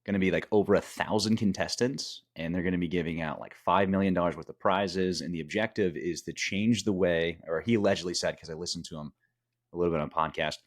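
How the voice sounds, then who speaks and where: A man's voice: low-pitched, fast talker. A man co-hosting a casual podcast, rambling and restarting his sentences, tired. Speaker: podcast co-host.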